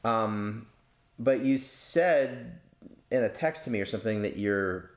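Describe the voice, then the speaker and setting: Low-voiced, easygoing male host asking casual questions in a roomy space. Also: lively intonation, slow. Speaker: interviewer. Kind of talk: casual interview. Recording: roomy echo.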